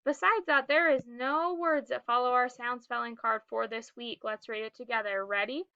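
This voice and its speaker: A woman teaching a phonics lesson to young children, slowly sounding out words and cueing the class to read and spell along. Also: on the high side, fairly even intonation, sharp tone, dry recording, dull audio. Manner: slow, clearly sounded-out words with prompting cues.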